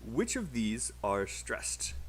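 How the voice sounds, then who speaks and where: A man with a British accent teaching a live online English pronunciation lesson, drilling sentences slowly and encouraging students. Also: medium pitch, big pitch swings, slightly rough.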